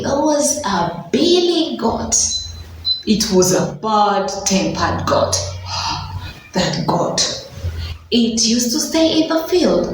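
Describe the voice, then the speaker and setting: A woman preschool teacher from Uganda, telling a story in an animated, sing-song way and sounding out letters slowly for young children. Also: medium pitch, a little hiss or hum. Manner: slow, drawn-out sounding of letters. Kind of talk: children's phonics lesson with storytelling. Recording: very echoey room, voice from far off.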